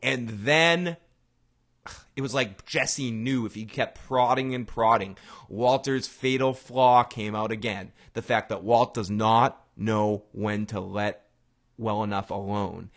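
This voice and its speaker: A man hosting a casual show, recapping an episode in an excitable way. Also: on the low side, slow pace. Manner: excitable, retells scenes by acting out the lines. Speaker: podcast host.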